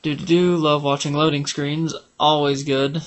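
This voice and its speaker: A man's voice: fairly high pitch, little pitch movement, moderate pace, a little hiss or hum. A man giving casual, rambling gameplay commentary for a walkthrough, joking and humming tunes as he plays. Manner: rambling, jokey, hums and sings while playing. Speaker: game walkthrough narrator.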